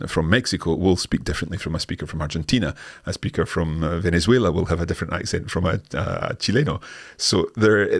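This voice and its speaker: Deep-voiced Scottish man answering questions. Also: husky, dry recording, clean studio sound. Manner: friendly, explanatory, frequent restarts. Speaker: language course host. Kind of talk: live Q&A, casual explaining.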